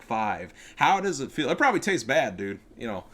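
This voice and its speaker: A man casting a game replay, excitable and profane, full of trash talk. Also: medium pitch, normal speed, hardly any pauses. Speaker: gaming commentator. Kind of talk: casual replay commentary.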